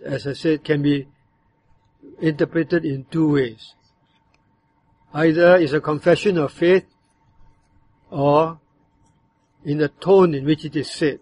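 Preacher, slightly high voice. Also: male voice, darkish tone. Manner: measured, explanatory, acts out bitter and demanding tones when quoting. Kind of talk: sermon on a psalm.

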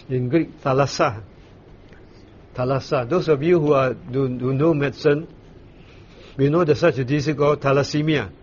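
Unhurried man teaching Bible study, lo-fi. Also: medium pitch, darkish tone. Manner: unhurried explaining with frequent fillers and restarts. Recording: dull lo-fi recording with faint noise.

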